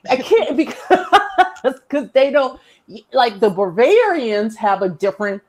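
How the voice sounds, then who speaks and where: An American woman telling a funny story in a casual livestream chat, animated and laughing often. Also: medium pitch. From United States. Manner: animated, laughs often, mimics herself in quotes.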